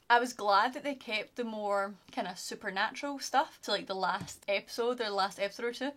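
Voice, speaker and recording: A woman's voice: fairly high pitch, a bit bright. A young Scottish woman chatting casually to camera as a vlogger, gushing about her favourites with lots of fillers. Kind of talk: casual chat.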